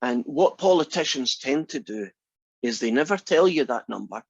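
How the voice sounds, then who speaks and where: A man's voice: mid-range voice, lively intonation, normal speed, breathy edge, no echo, highs cut off. A man teaching a statistics class, reasoning aloud and asking the class many questions. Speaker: math instructor. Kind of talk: classroom lecture.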